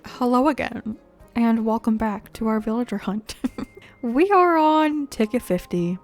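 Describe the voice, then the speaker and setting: A woman's voice: fairly high pitch, unhurried, faint music behind. A young woman giving chatty, playful commentary while playing a video game, laughing often and talking to her viewers. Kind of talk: casual gameplay commentary.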